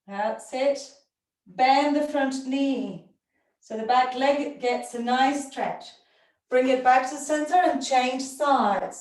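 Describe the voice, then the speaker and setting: A woman's voice: high-pitched, darkish tone. A woman teaching a yoga class, giving short encouraging cues and breathing as she moves along with the class. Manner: encouraging cues in short commands, breathing and moving while talking. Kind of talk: live yoga class instruction. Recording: very echoey room, distant mic.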